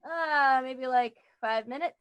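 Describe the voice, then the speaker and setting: A woman's voice: high-pitched, slow, dull audio, a little hiss or hum. A woman playing a tabletop game, chatting and thinking aloud about her character's moves. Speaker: player. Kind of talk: casual tabletop play.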